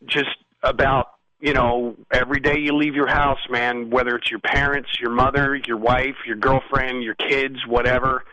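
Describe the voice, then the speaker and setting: A man being interviewed as a musician guest, telling rambling, animated stories and often asking "you know what I mean?". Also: medium pitch, no echo, low-quality recording. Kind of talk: casual storytelling interview.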